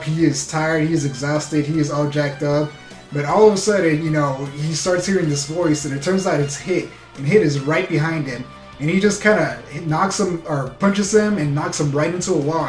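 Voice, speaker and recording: A man giving a casual, excited episode recap as a reviewer, rambling with lots of fillers. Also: a little high, roomy sound. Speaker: anime reviewer.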